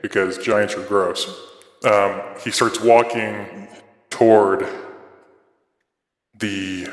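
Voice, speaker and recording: Slow-talking male game master. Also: on the low side, steady tone, roomy sound, big-room sound. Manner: unhurried, slow narration with fillers. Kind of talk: narrating a tabletop game.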